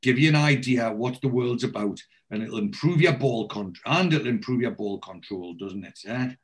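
A man voicing a rough but proud middle-aged dad, in a low, musing, fatherly way. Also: normal speed, natural voice. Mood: reflective.

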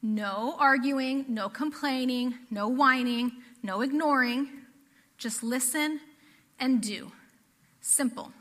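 A woman's voice: sits high, pushed and bright, long reverb tail. A woman from the Pacific Northwest preaching a sermon to a church congregation, earnest and conversational, often repeating phrases. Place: church sanctuary.

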